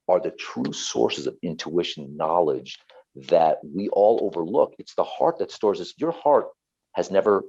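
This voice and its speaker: A man's voice: sits low, dark tone, husky, muffled recording. A man, a therapist and author, talking earnestly and passionately as an interview guest, often repeating himself.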